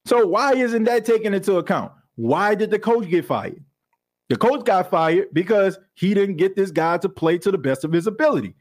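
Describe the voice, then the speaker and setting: A man hosting a podcast, talking sports in an animated, conversational way with plenty of slang. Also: sits high, normal speed. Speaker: podcast host. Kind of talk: casual sports talk.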